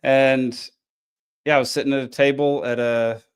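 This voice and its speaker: A man's voice: mid-range voice, level tone, moderate pace, clear, resonant tone. A tired man, hosting a casual podcast and recapping a frustrating match with lots of ums and restarts. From American South. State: tired, yawning. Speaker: podcast host.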